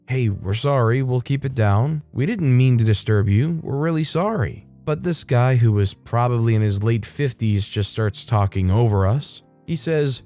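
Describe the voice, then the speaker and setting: A man at a middle pitch tells a reddit story in a steady, scripted read. His delivery stays even from line to line. A faint music bed plays under the voice. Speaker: story narrator.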